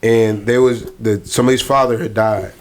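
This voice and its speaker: A man who is a guest on a comedy podcast, telling a funny story in an excitable, casual way and laughing often. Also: fairly low pitch, moderate pace, a little hiss or hum.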